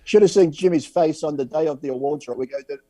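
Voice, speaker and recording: Podcast guest, male, a little high, dry sound, keen to tell his part of the story. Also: fast talker, mellow, dry recording. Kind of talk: casual storytelling.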